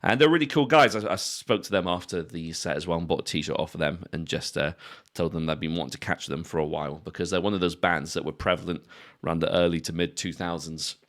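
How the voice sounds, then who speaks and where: A man's voice: sits low, fast, hardly any pauses, a bit bright. A young British man co-hosting a podcast in casual chat, laid-back, swearing casually and laughing at his own jokes. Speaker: podcast co-host.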